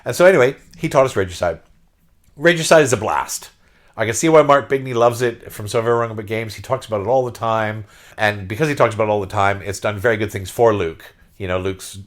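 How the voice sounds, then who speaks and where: Brief: middle-aged Aussie man, podcast host, lower voice, tumbling animated storyteller. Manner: excitable, repeats words, restarts when carried away. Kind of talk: casual storytelling monologue.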